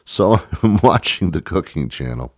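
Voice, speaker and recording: Low-voiced man rambling sarcastically. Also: very animated, unhurried, no echo, clean studio sound. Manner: rambling, self-interrupting, sarcastic. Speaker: podcast host. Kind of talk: rambling comedic monologue.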